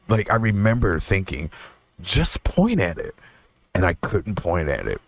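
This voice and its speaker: A young man hosting his own podcast, telling a personal story in a rambling, profane way, laughing often and jumping into a higher voice when he quotes himself. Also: no echo. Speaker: podcast host. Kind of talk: casual storytelling monologue.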